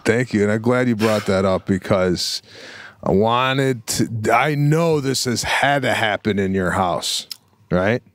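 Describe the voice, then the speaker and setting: Slow, laid-back male podcast co-host. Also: on the low side, no room sound. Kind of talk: casual chat.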